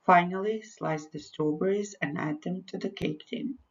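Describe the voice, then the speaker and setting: A woman's voice: fairly low pitch, normal speed, natural voice. A woman teacher reading the part of a woman who explains her grandma's cake recipe, step by step, in a plain textbook way. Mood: explaining. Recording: dull lo-fi recording.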